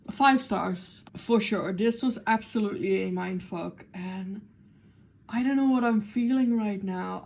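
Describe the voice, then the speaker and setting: A woman book vlogger talking casually to her camera, excitable and swearing freely between fillers. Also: medium pitch, creaky. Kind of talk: casual chatty vlog to camera. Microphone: camera mic.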